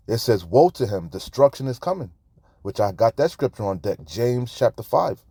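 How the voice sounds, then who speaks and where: A man's voice: medium pitch, very animated, moderate pace, dark tone, breathy edge, no room sound, studio quality. A man preaching in a fiery, profane rant, reading scripture aloud between angry comments on debt. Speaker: street preacher commenting on news.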